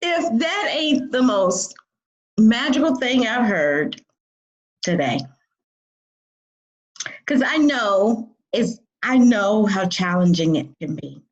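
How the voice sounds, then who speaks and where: A woman hosting a group coaching call, giving drawn-out, affirming praise to participants. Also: on the high side, sing-song, highs cut off. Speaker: program coach and host.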